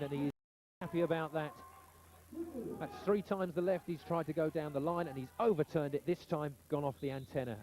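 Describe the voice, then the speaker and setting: A man calling live play-by-play sports commentary in brisk, excited calls. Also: mid-range voice. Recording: old TV broadcast with audible noise.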